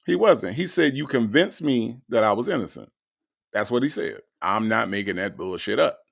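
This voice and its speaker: Gravelly-voiced man, livestream host, animated and slangy, lively swings in pitch. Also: normal speed. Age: 40s. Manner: animated, loud bursts, laughing, slangy. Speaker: livestream host reading chat. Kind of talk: casual livestream commentary.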